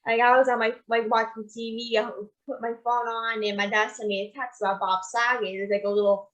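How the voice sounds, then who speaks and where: A woman's voice: a little high, flat delivery, a little fast, fairly bright tone, rough recording. A young woman hosting a podcast, rambling through a story in casual chat with lots of fillers. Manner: rambling, retells events with many fillers. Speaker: podcast host.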